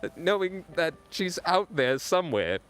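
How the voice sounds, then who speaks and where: With a fairly bright, sing-song voice at normal speed, a young man rambles mock-dramatically into his phone camera. He's shooting a comedic vlog in the snowy woods at night, his pitch swinging wildly.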